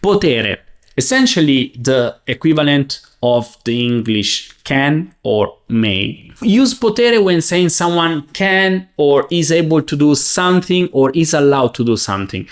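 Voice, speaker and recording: Slow, lively-voiced man teaching. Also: on the high side. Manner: slow, clear, enunciating. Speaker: Italian teacher. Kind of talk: language lesson.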